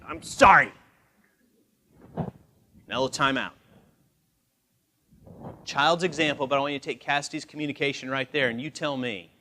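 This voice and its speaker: A man's voice: medium pitch, brisk, long pauses, slight background noise. A man in his forties leading a live communication training seminar, acting out quoted voices as he talks. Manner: animated, acts out quoted voices. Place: large training room.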